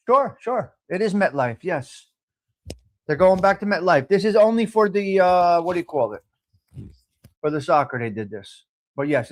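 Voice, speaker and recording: A middle-aged man, hosting a live coffee chat stream and talking bluntly to viewers, joking and swearing freely. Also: sits high.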